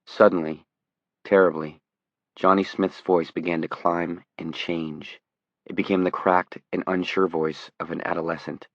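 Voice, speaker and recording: A man narrating a thriller audiobook in a measured, tense way. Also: low voice, level tone, a bit bright, no echo. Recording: dull, dry audiobook recording.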